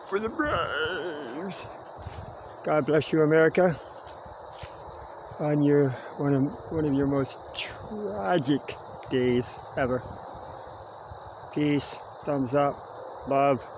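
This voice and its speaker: A man's voice: on the high side, a little mellow, a little hiss or hum. Rambling Canadian man vlogging outdoors. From Kingston, Ontario, Canada. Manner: chatty, wandering, tags "eh" onto sentences. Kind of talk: rambling live vlog. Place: outdoors, walking near a quarry and cemetery.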